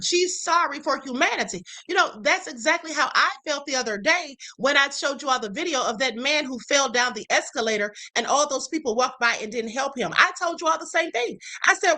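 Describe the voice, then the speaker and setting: A woman's voice: high-pitched, pushed and bright. A woman hosting a live stream, reacting with emphatic commentary and reading out viewer comments. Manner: outspoken, emphatic, addresses viewers as beloveds. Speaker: livestream host.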